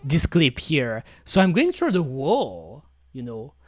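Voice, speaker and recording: A woman streamer chats casually from her home setup, her voice low but swinging widely in pitch. Her phrasing is expressive and a little non-native, and the sound is dry and close to the mic. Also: slow pace, dry recording, soft background music. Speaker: VTuber streamer. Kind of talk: casual chat. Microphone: studio microphone.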